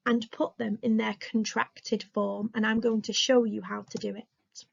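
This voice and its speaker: An English woman teaching a recorded remote lesson to young children, speaking slowly, clearly and encouragingly. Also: on the high side, level tone, dull audio. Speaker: primary school teacher.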